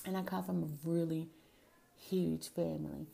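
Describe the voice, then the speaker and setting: A woman's voice: low voice, fairly even intonation, a little slow, creaky, warm tone. A woman, hosting a talk show and reminiscing about family in a rambling, heartfelt way with self-corrections. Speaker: host. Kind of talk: personal storytelling monologue.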